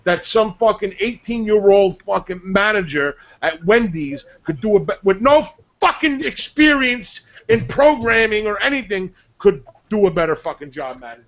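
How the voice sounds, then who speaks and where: A man's voice: sits high, lively intonation, normal speed, few pauses, fairly bright tone, lo-fi sound. A man ranting angrily and profanely on a chat show, venting hard. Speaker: show regular, clan player.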